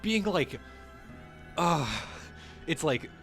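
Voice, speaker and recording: Excitable rambling man, live chat. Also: fairly high pitch, very slow, soft background music. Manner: excitable, rambling, laughs often. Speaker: co-host. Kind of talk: casual livestream chat.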